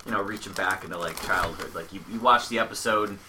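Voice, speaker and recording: A man in casual chat, rambling and restarting, then animated when telling stories. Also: fairly low pitch, quick pace, slight background noise.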